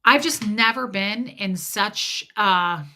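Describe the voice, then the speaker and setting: Slowly and in a sharp, medium-pitched voice, a middle-aged livestream host talks candidly and wanders off topic. She sounds mildly congested and welcomes viewers by name.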